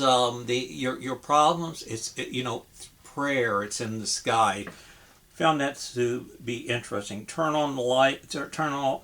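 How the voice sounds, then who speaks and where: A man with a creaky, mid-range voice talks casually about a music album he appreciates. His relaxed review is hesitant, full of ums and restarts.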